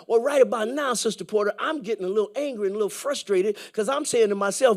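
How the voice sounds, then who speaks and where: A man preaching a sermon in church, telling a story with laughter and acted-out dialogue before building to loud praise. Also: high-pitched, animated, brisk.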